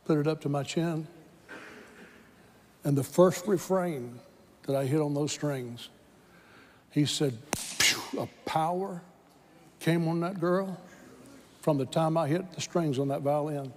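A man with a Southern American accent preaching a sermon, telling a story with animated quoted voices that climb into shouts of praise. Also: a little high, unhurried, pauses often. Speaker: pastor. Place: large church hall with congregation. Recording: reverberant church hall with crowd.

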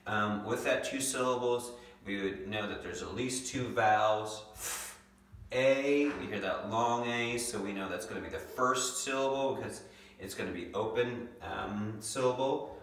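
A young man teaching a second grade lesson from home, patiently sounding out words slowly. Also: fairly low pitch, a bit bright, slight background noise. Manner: patient, slow, stretches out words to sound them. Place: home room. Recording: echoey room, mic far off.

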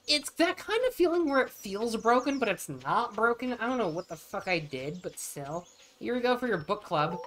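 A woman streaming a farming game and chatting casually, playful and quick to swear, often talking to the game's characters. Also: mid-range voice, slight background noise. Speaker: vtuber streamer. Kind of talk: casual chat while playing a farming game.

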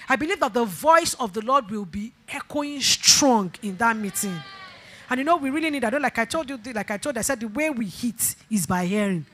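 Bright-voiced woman pastor preaching. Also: fairly high pitch, animated, brisk. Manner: call-and-response, repeats phrases, sudden emphatic bursts. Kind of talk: sermon exhortation.

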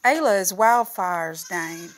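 A woman's voice: fairly low pitch, expressive, slow. A woman who breeds goats, chatting casually and cooing affectionately to her animals. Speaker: goat breeder and vlogger.

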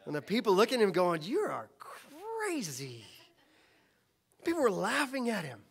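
A man's voice: sits high, sing-song, fast, breathy edge. A man preaching a sermon as pastor, impassioned and full of rhetorical questions.

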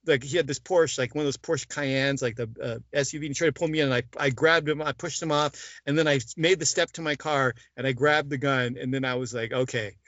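A man's voice: mid-range voice, steady tone, a little fast, a bit bright, no room sound. A man being interviewed, animatedly recounting events and acting out the dialogue with frequent "like" and "I go". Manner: retells scenes with quoted dialogue, many "like" and "I go" fillers. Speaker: interview guest. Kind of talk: animated storytelling in conversation. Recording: dull lo-fi dry sound.

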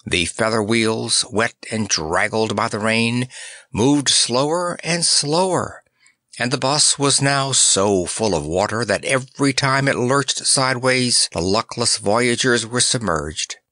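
Male narrator, audiobook, measured, expressive, bright tone, dry close sound. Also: medium pitch, no echo.

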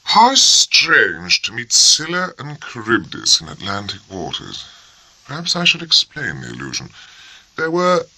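A man's voice: mid-range voice, huge pitch swings, measured pace, bright, forceful tone, dry recording, pitched above the performer's own voice, heavily acted, low-quality recording. A man voicing a grave, formal and very courteous naval officer who speaks with stiff precision. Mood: dryly amused.

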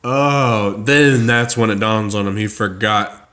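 A man chatting casually about a comedy character he co-created, halting with many fillers and restarts. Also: on the low side, fairly bright tone. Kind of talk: casual chat.

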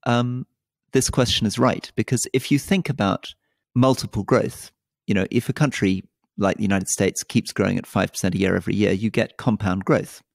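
Low gravelly guy on a podcast mic, dry close sound, talks things through carefully. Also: steady tone, no room sound. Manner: thoughtful, measured explaining. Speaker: podcast co-host. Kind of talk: casual political chat.

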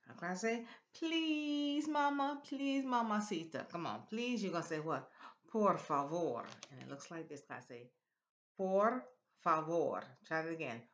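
A woman teaching a Spanish class, slowly drilling words in a sing-song way for students to repeat. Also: low voice, slight background noise. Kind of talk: classroom language lesson.

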